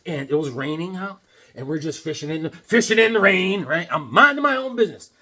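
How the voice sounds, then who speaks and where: A man's voice: on the high side, expressive, a little fast, sharp tone. A man chatting casually about comics, rambling and joking, drifting between topics. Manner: rambling, jokey, drifts between topics and puts on silly voices. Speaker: comic vlogger.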